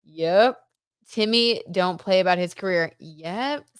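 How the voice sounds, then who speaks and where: A woman's voice: lowish voice, slow pace, clean tone, dry recording, clean studio sound. Chatty woman hosting a tarot gossip livestream. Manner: chatty, gossipy, many fillers like "like" and "um". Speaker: tarot reader and livestream host. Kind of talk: casual livestream chat reading viewer comments.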